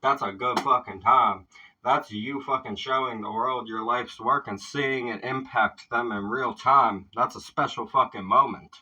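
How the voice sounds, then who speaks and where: A man hosting a casual reaction video, agreeing loudly and swearing often. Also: medium pitch, unhurried, husky, recorded from a distance, muffled recording. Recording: voice a bit off the mic.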